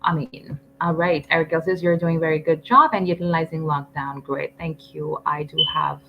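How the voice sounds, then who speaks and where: A woman's voice: sits low, steady tone, normal speed, highs cut off, a little hiss or hum. A woman teaching English on a live stream, chatty and firm, reading out viewer comments with lots of ums.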